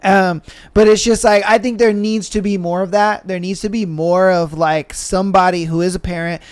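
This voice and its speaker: A man's voice: high voice, fairly even intonation, normal speed, smooth. A man hosting a podcast in casual, slangy chat, swearing freely and leaning on fillers. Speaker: podcast host.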